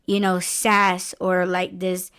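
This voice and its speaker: A woman's voice: lowish voice, completely flat delivery, slow, a bit bright, clear, resonant tone. A woman around forty co-hosting a podcast in casual chat, rambling, laughing often and restarting her sentences. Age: about 40. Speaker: podcast co-host.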